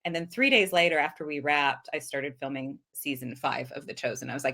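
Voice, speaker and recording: Low-voiced earnest actress, woman. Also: fairly quick, sharp tone. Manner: earnest, reflective, laughs easily. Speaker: guest actress. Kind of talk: casual podcast interview.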